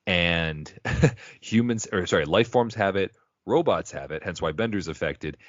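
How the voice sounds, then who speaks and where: A man's voice: low-pitched, animated, measured pace, dry recording, lo-fi sound. A man co-hosting a podcast, chatting casually, rambling with frequent laughs. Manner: rambling, laughs often, quotes characters in silly voices. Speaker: podcast co-host. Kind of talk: casual chat.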